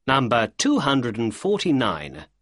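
A man voicing a keen, sharp-witted male detective who asks brisk, polite questions in an audiobook reading. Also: medium pitch, huge pitch swings, breathy edge, no echo, clean studio sound, full character voice. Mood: inquisitive.

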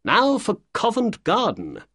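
A sharp, inquisitive detective, as an audiobook narrator puts him on, lifted well above the reader's own voice and swinging through a very lively melody. He asks brisk, courteous questions at an unhurried pace, with a husky edge on a dry, close recording. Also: high voice, no echo, pitched above the performer's own voice, heavily acted. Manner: brisk, polite and probing. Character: keen sharp-witted male detective. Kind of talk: audiobook character reading.

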